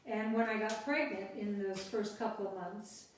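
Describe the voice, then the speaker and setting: A woman in her seventies hosting a relaxed chat show, chatty and quick to laugh as she tells stories. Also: mid-range voice. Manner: chatty, laughs easily, quick storytelling bursts. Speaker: host. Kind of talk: casual chat. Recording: distant echoey room with faint noise.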